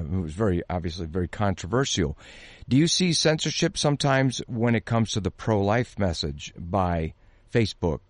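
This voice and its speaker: A man with a low-pitched speaking voice hosts an interview, pressing hard on the words he wants to stress. The sound is dry and close, with no room around it. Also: no room sound. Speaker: interview host.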